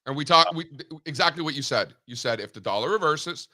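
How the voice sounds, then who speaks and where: A man co-hosting a casual market talk show over a video call, animated and joking, with lots of fillers. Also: on the high side, fast talker.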